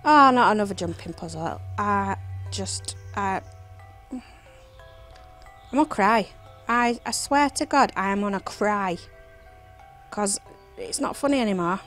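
A woman's voice: mid-range voice, animated, measured pace, pauses often, fairly bright tone, soft background music, rough recording. A woman giving chatty, silly let's play commentary, singing and whispering to herself as she plays. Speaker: gameplay commentator.

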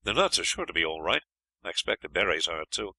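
A man's voice: low-pitched, very animated, fast talker, creaky, bright, forceful tone, no echo, exaggerated voice, poor audio. A man playing a hearty young adventurer. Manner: hearty, encouraging. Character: cheerful plucky young English lad.

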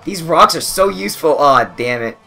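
Guy rambling thru a game story, laughing a lot, pitch all over, game music behind. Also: lively intonation, normal speed, vocal fry, sharp tone. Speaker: gaming channel co-host. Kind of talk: casual gameplay commentary.

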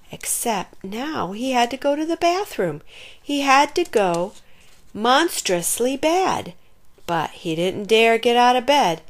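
A woman reading a children's picture book aloud in an expressive storytelling manner. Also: on the high side. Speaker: storybook reader.

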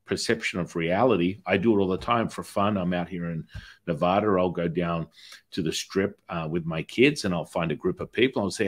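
A man's voice: sits low, brisk. A middle-aged man hosting an interview podcast, talking in a rambling way with restarts and anecdotes. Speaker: podcast host. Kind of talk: conversational interview.

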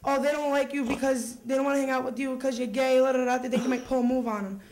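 An offhand teenage school friend, breezy and dismissive as a young woman quotes her in a stage monologue. The voice stays close to the teller's own, a little high. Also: fairly even intonation, rapid-fire, a little mellow, poor audio.

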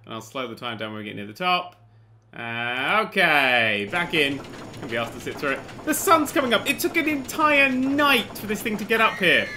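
A man narrates his own gameplay in a bright, sharp voice. He bursts into laughter and swears freely. He talks into a desk mic. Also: on the high side, moderate pace, slight background noise. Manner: excitable, laughs and swears often. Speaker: gaming channel host. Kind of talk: let's play commentary.

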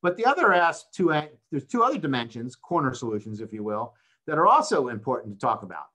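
A man's voice: mid-range voice, very animated, quick pace, pushed and bright. Older man lecturing in an online seminar. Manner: explanatory, uses rhetorical questions and "right?" checks. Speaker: accounting professor.

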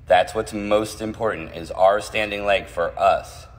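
A man's voice: on the low side, measured pace. A man teaching a streamed ballet class from home, counting out steps and checking in with his students. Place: home room, dancing away from the camera. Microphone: phone or camera mic from across the room. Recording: roomy, distant, with piano music. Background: piano music playing.

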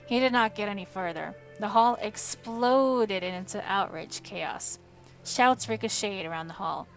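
A woman's voice: mid-range voice, a little slow, faint music behind. Woman reading a fantasy audiobook aloud. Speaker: audiobook reader on a live stream. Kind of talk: audiobook narration. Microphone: home streaming microphone.

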